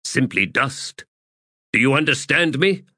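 A man voicing a grim, cold undead male warrior lord who speaks gravely and solemnly, in an audiobook. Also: mid-range voice, very animated, a little slow, pushed and bright, no room sound, clean studio sound, voice pushed up, heavily acted.

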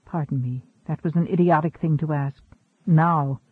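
A man's voice: on the high side, fairly even intonation, normal speed, breathy edge, no echo. A man reading the part of a lovesick young man under thirty who speaks in a pleading, stammering, desperate way. The recording is tinny and narrow-band.

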